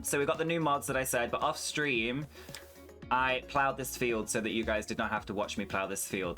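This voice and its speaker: A young man with a fairly low voice talks casually over a game stream. He rambles and swears freely, slipping into rants. Soft music plays faintly behind him. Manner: chatty, swears freely, ranting. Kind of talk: casual gameplay commentary.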